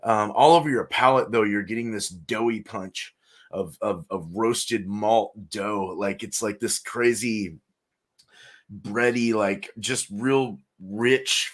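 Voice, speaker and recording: Enthusiastic low-voiced beer guy. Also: slow pace, a bit bright. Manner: enthusiastic, loose and filler-heavy. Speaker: guest beer reviewer. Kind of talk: casual beer review chat.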